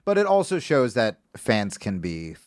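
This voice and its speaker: A man's voice: lowish voice, a little slow, no room sound, clean studio sound. A man from New Jersey, a guest co-host telling stories in casual podcast chat and acting out what others said. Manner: animated storyteller who acts out what others said.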